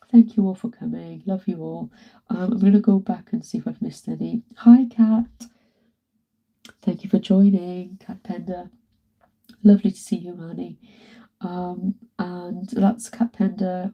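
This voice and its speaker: A woman's voice: lowish voice, gravelly, mellow, slightly rough. A woman with a British accent, chatting casually to viewers on a live stream from home while she paints, greeting and thanking them by name. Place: at home, indoors.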